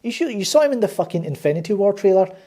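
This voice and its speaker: A man's voice: sits high, big pitch swings, quick pace, warm tone. A man hosting his own movie review channel, ranting with sarcasm and frequent swearing. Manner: sarcastic, swears a lot, exasperated.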